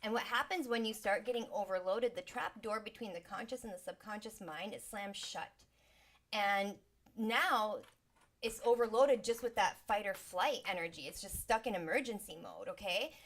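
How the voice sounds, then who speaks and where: A woman's voice: medium pitch, normal speed, fairly bright tone. A woman sound healer teaches in an easy, chatty way, her voice in the middle of the usual range. She breaks into little acted-out exclamations and sighs to show how the mind reacts. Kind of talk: casual teaching talk.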